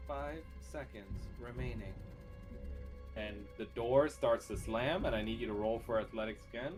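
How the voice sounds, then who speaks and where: A man running a tabletop roleplaying game as game master. He narrates in a relaxed way with filler words and laughs often. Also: lowish voice, fairly quick, music in the background.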